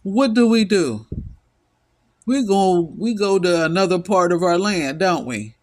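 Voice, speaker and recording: Weary, emphatic middle-aged man, slow delivery. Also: high-pitched, expressive, a little mellow. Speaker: vlogger. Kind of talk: impassioned solo monologue.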